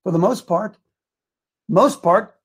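A man hosting a political talk show, raspy and gravelly, preaching with fiery conviction and folksy slang. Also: high-pitched, slow. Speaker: host.

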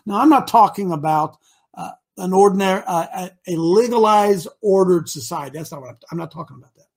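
Husky, fiery high-voiced man hosting. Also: a little fast, a little mellow. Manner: preachy, rousing, rambling. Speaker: host. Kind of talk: fiery live talk show.

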